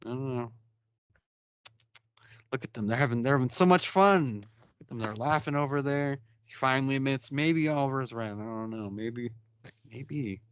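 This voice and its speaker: A man's voice: mid-range voice, moderate pace, smooth, no room sound, studio quality. A young man hosting a casual podcast, retelling scenes and acting out the characters' lines with laughter. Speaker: podcast host. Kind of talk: casual recap chat.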